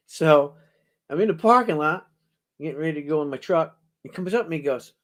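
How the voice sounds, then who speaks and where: A man's voice: on the high side, lively intonation, brisk, long pauses. A middle-aged man hosting a coin auction, telling rambling anecdotes to his audience and chuckling as he goes. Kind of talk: casual storytelling to a live audience.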